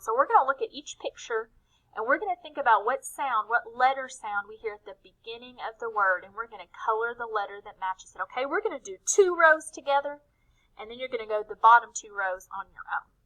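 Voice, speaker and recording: A woman teacher leading a recorded phonics lesson for young children. She talks slowly in a gentle sing-song way, stretches out each letter sound, and asks questions that she then answers herself. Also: on the high side, low-quality recording.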